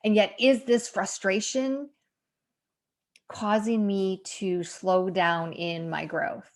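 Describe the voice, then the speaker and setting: Slow-talking reflective woman. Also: medium pitch, steady tone. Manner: reflective, candid, laughs at herself. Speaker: faith vlogger. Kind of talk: casual devotional vlog. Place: home room under remodel.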